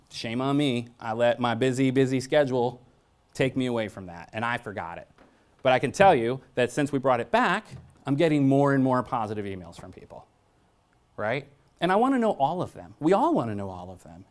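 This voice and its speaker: A blunt, joking man giving a staff training talk. His pitch swings in a lively way as he tells stories. He keeps asking the audience questions. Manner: asks the audience frequent questions. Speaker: workshop presenter.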